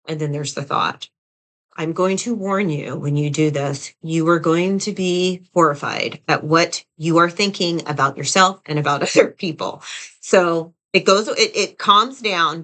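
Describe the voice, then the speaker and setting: A woman with a low-pitched voice gives a coaching talk straight to camera. She speaks in an easy, conversational way, often repeating a phrase and checking in with "right?". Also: a bit bright. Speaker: leadership coach. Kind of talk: direct-to-camera teaching talk.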